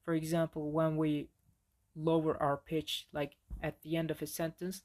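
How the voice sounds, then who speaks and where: A man's voice: a little high, completely flat delivery, normal speed, a little mellow. A man with a Turkish accent, a native Turkish speaker, giving a casual recorded lesson with frequent fillers and restarts. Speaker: language teacher. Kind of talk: recorded lecture on pronunciation.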